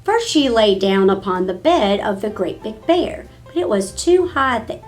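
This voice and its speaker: A woman reading a children's storybook aloud in an expressive, sing-song way. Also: mid-range voice, normal speed, faint music behind. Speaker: storybook reader.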